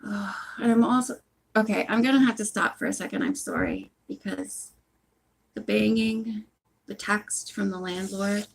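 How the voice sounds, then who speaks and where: A woman's voice: medium pitch, animated, normal speed, creaky. A woman at home reading a mystery novel aloud, breaking off for chatty, apologetic asides. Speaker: reader of a book series.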